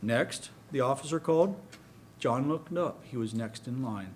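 A man preaching, reading a story aloud to a congregation in a calm, steady way. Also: medium pitch, normal speed.

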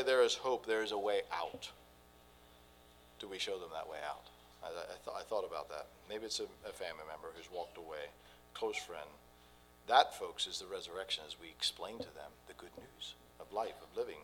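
A man preaching a sermon, swinging between quiet and loud delivery. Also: deep voice, brisk, low-quality recording. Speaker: pastor.

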